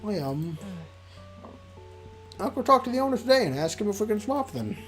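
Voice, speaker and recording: A shy young woman coworker, soft-spoken and unsure, hedging every request as a streamer reads her lines. The voice rises and falls a lot. Faint game music hums underneath. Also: medium pitch, sing-song, moderate pace, voice pushed up. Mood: gentle. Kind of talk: reading a visual novel aloud.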